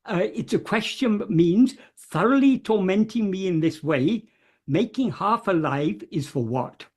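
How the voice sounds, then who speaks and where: Slow, husky, hesitant explainer. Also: mid-range voice, animated. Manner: hesitant, many pauses and fillers, gentle repetition of terms. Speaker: speaker explaining a verse. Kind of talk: slow, careful explanatory talk.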